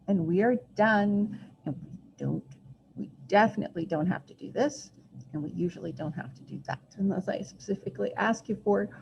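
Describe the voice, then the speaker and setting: A woman's voice: mid-range voice, gravelly, dark tone. A woman teaching a recorded math lesson, chatty and self-deprecating, thinking aloud as she draws. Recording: muffled lo-fi recording, faint hiss.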